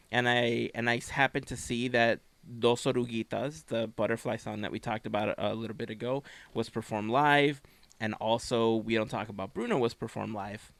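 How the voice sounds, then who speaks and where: A man's voice: mid-range voice, steady tone, normal speed, gravelly, fairly bright tone, dry recording. A man co-hosting a podcast in easygoing casual chat, laughing often. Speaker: podcast co-host.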